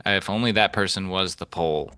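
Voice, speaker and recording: A man's voice: low-pitched, normal speed, pushed and bright, clean tone, no echo. A man moderating a live-streamed debate, reading out donations and joking with the guests in a teasing, casual way.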